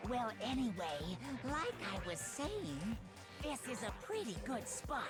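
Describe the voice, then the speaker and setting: A woman's voice: on the high side, wildly swooping pitch, measured pace. A woman voicing a playful, cruel young female mastermind who teases in a sing-song way. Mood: gleeful. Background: music.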